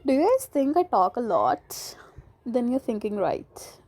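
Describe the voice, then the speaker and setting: Chatty woman with a cold, slightly high. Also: sing-song, unhurried, a little mellow. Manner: playful, rambling, sarcastic, mixes Hindi and English, laughs often. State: has a cold. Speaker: podcast host. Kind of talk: casual solo podcast chat.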